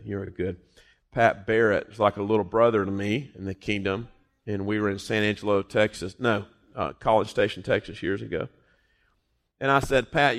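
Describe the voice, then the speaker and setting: A middle-aged man delivers a sermon in a voice of ordinary pitch. He keeps it lively, dropping to soft, low asides and then climbing to loud, ringing exclamations. Jokes and stories keep his delivery loose. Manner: joking, storytelling delivery. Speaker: preacher.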